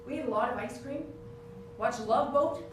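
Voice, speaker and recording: A middle-aged woman doing a solo stand-up show, animated, breaking into song and mock voices. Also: fairly high pitch, normal speed, noisy background. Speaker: stand-up comedian. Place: theater stage. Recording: distant, echoey stage recording with music.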